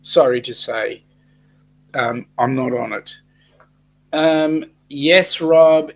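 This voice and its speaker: A man's voice: medium pitch, drawn-out words, pauses often, low-quality recording. An Australian man hosting a casual livestream chat, reading out viewer comments and answering them. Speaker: host of a weekly cruise chat livestream.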